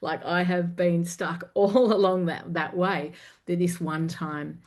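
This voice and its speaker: A woman guest, a confidence coach and performer, telling personal stories candidly in a podcast interview, animated and frank, with some casual swearing. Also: sits low. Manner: animated, swings loud and soft while retelling a story.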